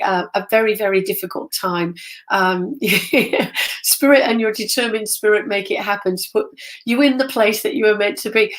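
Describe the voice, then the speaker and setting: A middle-aged woman from England, a spiritual medium telling her story casually to a live online audience, rambling and excitable with frequent ums and self-corrections. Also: mid-range voice.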